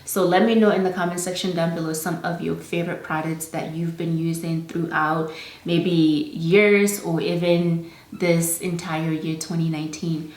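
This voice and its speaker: A woman's voice: fairly low pitch, steady tone, moderate pace, darkish tone. A young woman with an African accent, casually reviewing beauty products in a chatty way, with lots of "like" fillers. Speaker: beauty vlogger. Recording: echoey room.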